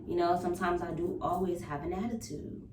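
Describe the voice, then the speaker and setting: A young woman with a fairly low voice talks openly and bluntly in a personal vlog, swearing without restraint. She sits back from the mic in a roomy, echoing space, with faint ambience underneath. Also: fairly quick, recorded from a distance, slight background noise. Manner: frank and expressive, swears freely, laughs between thoughts. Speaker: vlogger and spiritual practitioner. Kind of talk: candid personal vlog monologue.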